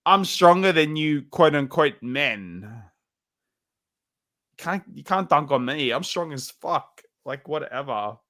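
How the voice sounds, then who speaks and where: Drunk man, hiccups, bright tone, rambling, repetitive. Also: on the high side, expressive, slow. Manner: rambling, repetitive, swinging between insults and self-pity. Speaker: livestream co-host. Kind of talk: drunken rambling livestream chat.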